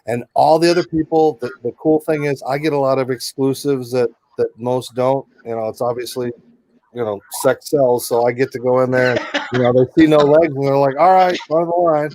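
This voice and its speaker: A man's voice: mid-range voice, fairly even intonation, normal speed, warm tone, dry recording. Chatty middle-aged man telling stories. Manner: chatty, rambling, many asides. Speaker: sports reporter guest. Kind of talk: casual storytelling interview.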